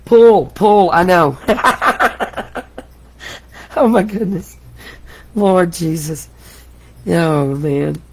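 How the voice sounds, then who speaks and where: A woman's voice: lowish voice, very slow, long pauses, a little mellow. A middle-aged woman hosting a live craft tutorial, chatty and exclamatory, often laughing at herself. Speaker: crafting host.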